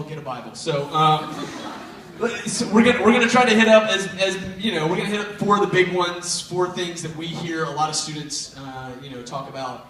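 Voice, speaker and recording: A young man giving a youth sermon to students, telling a funny childhood story and jumping into loud, high voices for the kids in it. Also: a little hiss or hum. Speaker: youth pastor. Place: large church auditorium. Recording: very echoey hall, mic at a distance.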